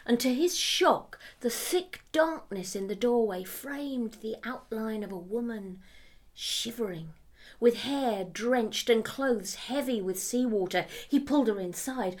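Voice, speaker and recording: A woman reading a story aloud at a measured pace, often dropping to a hushed near-whisper. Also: on the high side. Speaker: narrator.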